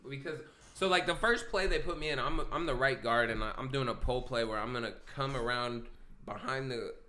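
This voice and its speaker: A man's voice: mid-range voice, brisk. A man co-hosting a casual podcast, telling rowdy stories full of swearing and laughter. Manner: profane, laughing, animated storyteller. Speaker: podcast co-host. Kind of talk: casual storytelling chat.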